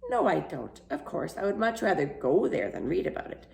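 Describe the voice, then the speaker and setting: A woman voicing an enthusiastic middle-aged house painter who dreams of penguins, in a gravelly, eager, wondering way, reading a storybook aloud. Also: deep voice, sing-song, a little fast, darkish tone, full character voice. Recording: roomy echo.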